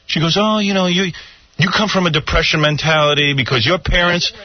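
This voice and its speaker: A man's voice: fairly high pitch, brisk. A middle-aged man hosting a radio show, ranting in exasperated complaints during on-air banter. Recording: dull lo-fi radio broadcast.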